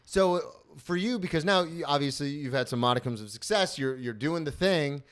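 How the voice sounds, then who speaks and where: A man in his thirties hosting a podcast, chatting casually and dropping into quick impressions. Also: on the high side, clean tone. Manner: animated, slips into quick impressions. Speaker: podcast host. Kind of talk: casual chat.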